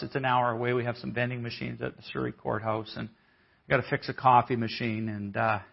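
A man telling a story in a conference sermon, acting out the people he quotes in a lively way. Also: medium pitch, gravelly. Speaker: conference speaker. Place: church hall. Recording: dull, muffled audio.

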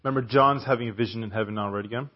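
A man preaching a sermon in a conversational, animated way, sometimes dropping to a hushed softness. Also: lowish voice, very fast. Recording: dull, lo-fi church recording.

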